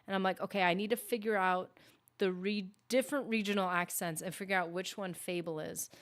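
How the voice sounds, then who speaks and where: A woman gaming streamer rambles casually while she plays during a live stream, often correcting herself. Her voice is medium-pitched and steady in tone, with a brisk pace.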